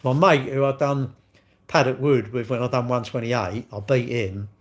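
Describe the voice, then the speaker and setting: A man's voice: mid-range voice, steady tone, moderate pace. A man, chatting casually on a live stream and telling rambling, sweary stories while answering viewers. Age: 60s.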